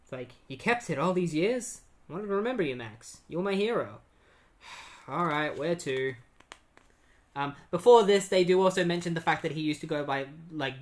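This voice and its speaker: A host casually summarizing comic book issues, scattering fillers and reading character quotes in a plain voice. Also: medium pitch. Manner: chatty, many "like" and "um" fillers, reads quotes in a plain voice.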